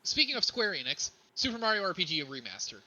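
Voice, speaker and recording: A man co-hosting a podcast, chatting casually about video games, excitable and swearing freely. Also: sits high, fast, low-quality recording. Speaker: podcast co-host. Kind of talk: casual gaming chat.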